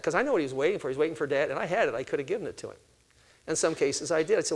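Older man, fairly high voice, lively sermon-style talk, quizzes the audience. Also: very fast, slightly rough. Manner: animated, acts out family conversations; asks the audience questions and answers them. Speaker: parenting speaker.

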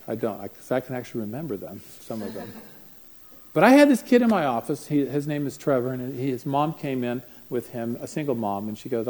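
Mellow-voiced man telling stories at a parenting class. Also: medium pitch, very animated, brisk, poor audio. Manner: anecdotal, acts out voices while telling stories. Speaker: parenting seminar speaker. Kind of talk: conversational teaching talk.

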